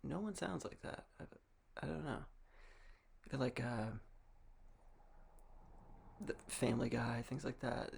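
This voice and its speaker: Gravelly, husky young man rambling wryly. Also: mid-range voice, unhurried, pauses often. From Massachusetts. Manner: rambling, wry, with frequent restarts and soft laughs. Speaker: vlogger. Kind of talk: casual monologue.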